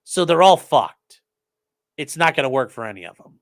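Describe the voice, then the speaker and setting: A man's voice: on the high side, big pitch swings, normal speed. A man hosting a casual commentary stream, reading viewer messages aloud and answering them sarcastically. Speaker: host reading chat.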